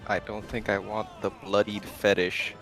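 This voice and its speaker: A man's voice: fairly low pitch, flat delivery, moderate pace, a bit bright, faint music behind. A man playing along in a casual gaming chat, exclaiming and swearing at the game. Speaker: co-player.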